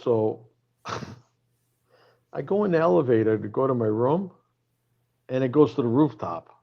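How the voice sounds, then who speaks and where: A touring male DJ telling a story in casual chat, animated and profane. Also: medium pitch, moderate pace, gravelly, muffled recording.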